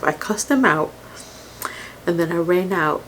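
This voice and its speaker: A woman telling a painful personal story on camera, halting and emotional, with many pauses and fillers, sometimes dropping to a whisper. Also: on the low side, a bit bright, a little hiss or hum, rough recording. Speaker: mukbang creator. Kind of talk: storytime while eating.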